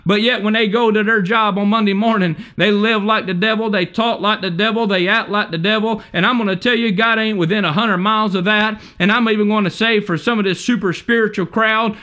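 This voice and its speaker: A man's voice: sits high, bright, forceful tone. A man preaching a sermon, fervent and emphatic, repeating and stacking alliterative points, with many restarts.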